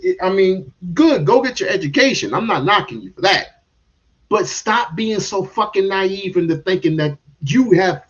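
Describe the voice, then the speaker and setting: A man's voice: high voice, lo-fi sound. A man giving heated, casual commentary on a stream, restarting and repeating words as he goes.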